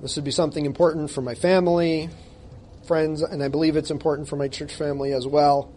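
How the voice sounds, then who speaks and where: Male pastor with a high voice, emphatic and conversational sermon, self-deprecating asides. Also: level tone, fast, dark tone, slight background noise. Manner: emphatic, conversational, jokes at himself. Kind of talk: sermon with scripture reading.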